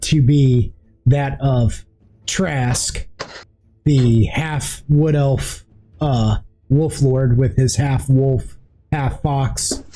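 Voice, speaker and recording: A man's voice: medium pitch, dark tone. A man narrating a tabletop game as game master, in a loose, rambling way with many fillers.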